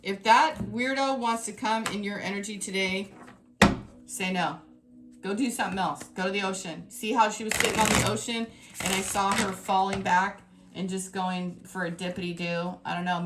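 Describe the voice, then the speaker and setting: A woman giving a tarot reading to her viewers, talking in an emphatic, exasperated way that swings between scolding and excitement. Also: medium pitch, normal speed, heavy background noise. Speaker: tarot reader.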